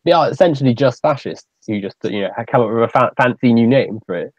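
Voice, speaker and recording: A man's voice: mid-range voice, expressive, fast talker, dry recording. A British man hosts a loose voice chat, circling his points with lots of ums and restarts. He sounds muffled and close, with no room sound around him. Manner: rambling, many fillers and restarts. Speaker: stream host. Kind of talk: casual group voice chat. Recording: dull, dry voice-chat audio.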